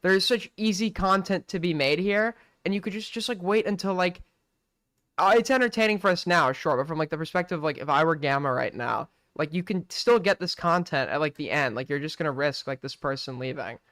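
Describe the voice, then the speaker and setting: A man's voice: a little high, fairly quick, fairly bright tone, no echo, clean studio sound. A man co-hosting a call-in stream, making sarcastic, scornful comments. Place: streaming setup.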